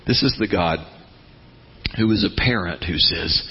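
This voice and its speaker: A man delivers a folksy sermon, slipping into the voices of God and of struggling believers. His husky voice sits a little high and swoops widely as he speaks. The recording sounds dull and lo-fi. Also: lively intonation, measured pace. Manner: folksy storytelling, acts out voices of God and churchgoers. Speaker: preacher.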